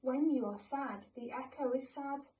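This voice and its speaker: Woman doing a wise old beaver, slow. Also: distant mic, a little hiss or hum, poor audio. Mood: calm. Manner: slower, lower, calm and measured. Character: wise old male beaver, calm and gentle.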